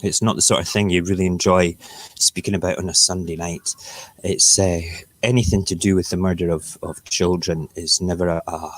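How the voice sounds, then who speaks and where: A man from Edinburgh with a Scottish accent, hosting a casual morning live stream and chatting while he cooks and eats. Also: low voice. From Edinburgh, Scotland. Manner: rambling, chatty, talks while cooking and eating.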